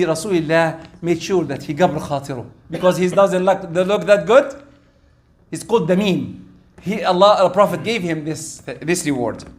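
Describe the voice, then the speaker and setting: A man preaches in a loose, conversational way, speaking straight to the congregation. He breaks into quick verse recitation and then explains it plainly in English. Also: sits high, slight background noise. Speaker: imam giving a sermon. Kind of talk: sermon.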